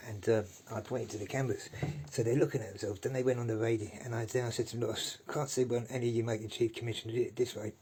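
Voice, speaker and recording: A man's voice: medium pitch, flat delivery, fast, mellow, slight background noise, poor audio. A man, talking straight to camera in a sweary, rambling rant and tagging "yeah?" onto his sentences. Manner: sweary, ranting, repeats "yeah?". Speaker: vlogger. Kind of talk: angry rambling monologue.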